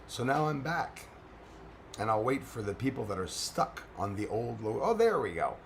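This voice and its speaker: Hoarse male streamer, chatty, mid-pitched, laughs a lot, faint background hiss. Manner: chatty, greets viewers, laughs often. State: hoarse, strained voice. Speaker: live-stream host. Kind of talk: casual live-stream chat.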